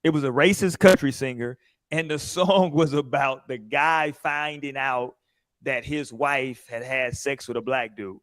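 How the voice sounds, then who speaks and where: A man's voice: on the high side, a bit bright, no echo. A young man on a casual podcast panel, telling a story with lots of acted-out quotes and profanity. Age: young adult.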